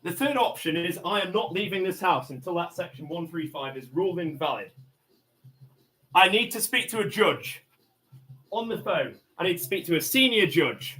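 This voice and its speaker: Man, fairly high pitched, aggressive and foul-mouthed, mutters then shouts demands. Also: expressive, normal speed. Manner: swings between low muttering and angry shouting. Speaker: livestreamer in a police standoff. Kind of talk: livestreamed confrontation. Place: inside a house.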